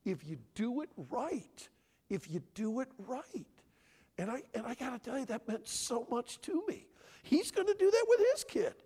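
An older man in his sixties preaches with a lively, sweeping delivery, his voice riding high. He talks emphatically and fires questions straight at the listeners. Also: moderate pace, slightly rough. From Michigan. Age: 60s. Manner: animated, emphatic, asks audience questions. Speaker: conference speaker. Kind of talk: sermon-style teaching.

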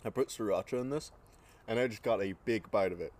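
A man's voice: lowish voice, a little mellow. A young man co-hosting a podcast, chatting casually with lots of fillers, often talking while he eats. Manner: talks while eating, with many fillers and pauses. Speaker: podcast co-host. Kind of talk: casual chat.

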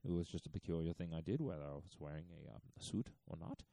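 A man voicing a stiff, deadpan West German man in a put-on West German accent, halting and full of fillers. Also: sits low, creaky, no room sound, heavily acted. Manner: halting, slow, many fillers.

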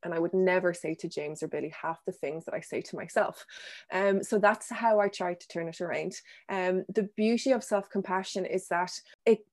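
A woman answering interview questions about self-compassion in a gentle, thoughtful way, pausing with ums and restarting her sentences. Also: lowish voice. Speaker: guest speaker on self-compassion.

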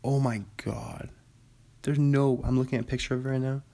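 A young man from Washington state hosts a laid-back solo podcast. He rambles at a middling pitch, chatty and quick to laugh at his own asides. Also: little pitch movement, creaky, mellow. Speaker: podcast host. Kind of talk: casual solo chat.

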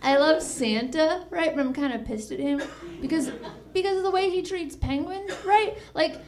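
A woman performing a stand-up comedy set, telling deadpan jokes and giggling at her own lines, with silly voices for characters. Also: high-pitched, moderate pace, crowd noise. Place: comedy club with a live audience. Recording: loud audience and room noise.

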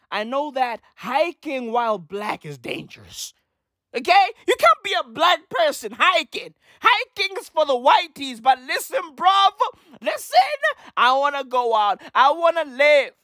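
A brash woman rants with slang and swearing in a comedy monologue. Her voice is high and jumps widely in pitch, with an unhurried delivery. The recording is dry and close. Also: a bit bright, no echo. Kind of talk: profane comedy rant.

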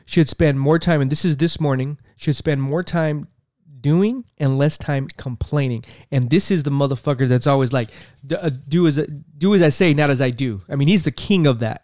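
A man's voice: medium pitch, a little mellow, dry recording, studio quality. A man giving heated political commentary, cursing often and repeating himself as he gets worked up.

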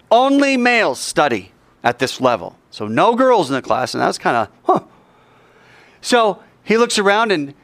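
A man preaching a sermon, telling a story with lively acted-out voices. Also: mid-range voice, no room sound. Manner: animated, acts out characters in his story. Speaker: pastor.

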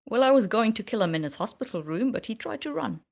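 A woman's voice: on the high side, lively intonation, quick pace, creaky, voice pushed up. A woman reading the lines of a cool, sardonic young male wizard in an audiobook. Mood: smug.

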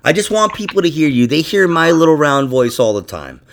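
Animated, gravelly male podcast host. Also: fairly high pitch, a little fast, slight background noise. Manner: profane, animated, laughing asides. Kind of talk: casual podcast chat.

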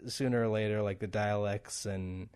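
A man's voice: lowish voice, steady tone, normal speed, darkish tone, clear, resonant tone. Chatty man with easy laughs. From a non-English-speaking country. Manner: laughs often, many fillers and restarts. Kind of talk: casual chat.

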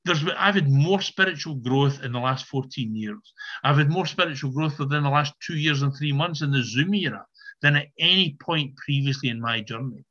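Older guy sharing his story at a meeting, earnest and emphatic, bright tense voice, dull zoom-call sound. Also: mid-range voice, moderate pace. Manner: earnest, emphatic, repeats words. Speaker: recovery meeting speaker. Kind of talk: personal testimony at a meeting. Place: online video meeting.

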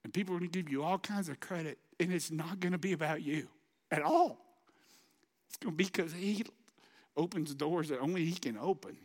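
A man's voice: fairly high pitch, quick pace, a little mellow. A man preaching a sermon as pastor, impassioned and exhorting, and emotional as he closes in prayer. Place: church auditorium. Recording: long church hall reverb.

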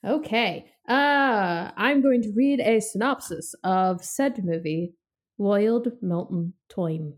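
A woman's voice: mid-range voice, slow. A woman hosting a casual movie podcast, chatty and laughing often, reading a film synopsis aloud. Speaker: podcast host. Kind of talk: casual movie review chat.

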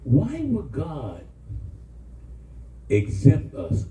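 A middle-aged man pastor, preaching an animated sermon with call-and-response to his congregation. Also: medium pitch, drawn-out words, far from the mic. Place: church hall. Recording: echoey church room, mic from afar, congregation.

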